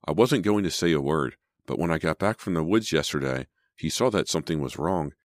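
A flustered, defensive teenage girl, protesting and pleading, as a man with a very deep voice puts her on. The reading is dry and close, her pitch lifted above his own. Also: animated, a little fast, no room sound. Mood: confessing.

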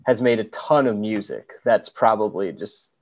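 A man's voice: lowish voice, normal speed, a crowd in the background. Rambling young man on a dull, lo-fi podcast line. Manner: rambling recap, many "like"s. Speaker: podcast co-host. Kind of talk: casual film chat.

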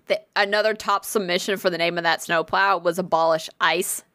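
A woman co-hosting a podcast, swearing and laughing as she throws out loud, exclaiming reactions. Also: fairly low pitch, fairly even intonation, fairly quick. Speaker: podcast co-host. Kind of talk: casual chat.

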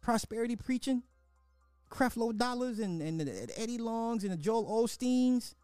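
A man's voice: extremely high pitch, lively intonation, normal speed, mellow, smooth, dry recording, soft background music. A man hosting a reaction video, commenting on clips in a blunt, indignant and profane way.

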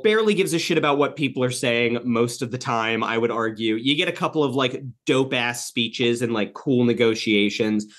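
A man co-hosting a casual film podcast, talking in an animated way, swearing freely and laughing often. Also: a little high. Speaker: podcast co-host.

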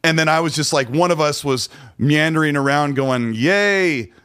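A man's voice: on the high side, fairly even intonation, fairly quick, fairly bright tone, clean tone. A man hosting a podcast in casual chat, laid-back and rambling, with plenty of filler words. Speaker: podcast host.

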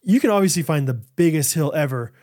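A man in his thirties co-hosting a podcast, telling stories in casual chat and acting out shouted quotes. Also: on the high side, a little fast. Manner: animated storyteller, acts out shouted quotes. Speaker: podcast co-host.

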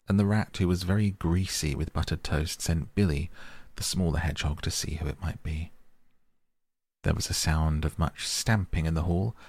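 A man softly narrating a bedtime audiobook. His voice is very deep with a gravelly fry. The recording is close and dry. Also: no echo. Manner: softly read. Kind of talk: soft bedtime audiobook reading.

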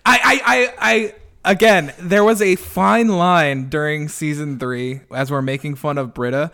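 A man co-hosting a casual podcast chat, chiming in with quick agreement. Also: fairly high pitch, pushed and bright. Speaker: podcast co-host.

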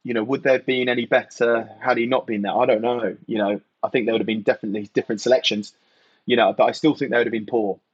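English ex-player, husky and low, reflective, chatty, dry and slightly dull audio. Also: male voice, steady tone, fast, no echo. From England. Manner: reflective, full of "you know" and "mate". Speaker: podcast guest, retired rugby player. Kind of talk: casual podcast chat.

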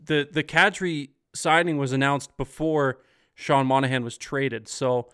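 A man's voice: medium pitch, unhurried, fairly bright tone, clean tone. A man hosting a casual post-game hockey stream, reading viewer comments in an upbeat, chatty way. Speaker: podcast host.

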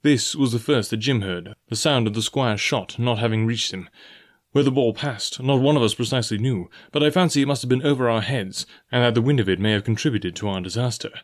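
A man's voice: mid-range voice, fairly quick. Man narrating a storybook. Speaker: audiobook narrator.

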